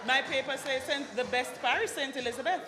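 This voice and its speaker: High-voiced woman hosting an awards dinner. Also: brisk, a crowd in the background. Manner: lively, joking, apologizes for slips. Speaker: awards ceremony host. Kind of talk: announcing award recipients. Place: banquet hall at an awards dinner. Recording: long hall reverb with loud music.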